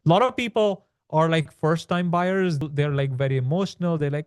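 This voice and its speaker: A man's voice: a little high, normal speed, few pauses, clear, resonant tone, dry recording. A man, a podcast guest, explaining in casual talk and often dropping "like" and "right?". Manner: explanatory, peppers speech with "like" and "right?". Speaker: podcast guest, land business author. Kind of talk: conversational podcast interview.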